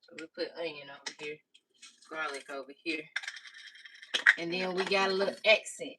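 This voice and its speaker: A woman's voice: low-pitched, moderate pace. A woman chatting casually through a cooking tutorial, calling viewers "y'all" and "baby". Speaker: cooking vlogger. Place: home kitchen. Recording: slightly distant mic with faint noise.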